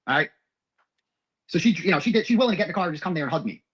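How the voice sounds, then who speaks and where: Husky-voiced man rattling off a profane, rambling personal story at high speed. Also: animated, rapid-fire, a bit bright, rough recording. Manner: profane, rambling, emotional retelling.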